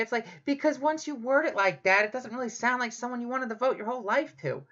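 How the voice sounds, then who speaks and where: A woman's voice: a little high, fast, hardly any pauses, fairly bright tone. A woman doing a profane, rambling comedic rant monologue, full of sarcasm. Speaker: comedic ranter, show host. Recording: dull lo-fi home recording.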